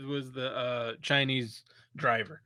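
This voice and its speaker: A man's voice: medium pitch, level tone, slow, bright, forceful tone, no echo. A man co-hosting a podcast, chatting animatedly about a film, swearing and laughing often. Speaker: podcast co-host. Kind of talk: casual movie review chat.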